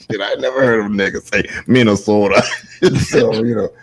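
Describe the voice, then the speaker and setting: A man from New York in a casual group voice chat, bantering loudly and profanely. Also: fairly low pitch, steady tone, normal speed, husky. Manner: loud, profane, laughing banter. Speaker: stream chat participant.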